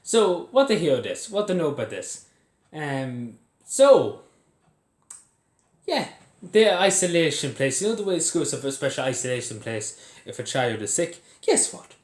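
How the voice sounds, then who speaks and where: At a measured pace, a young man from Ireland with a slightly high, very animated voice rants to his camera at home. Swearing and bitter laughter punctuate what he reports. The clip comes from a phone or camera on its side in an echoey room.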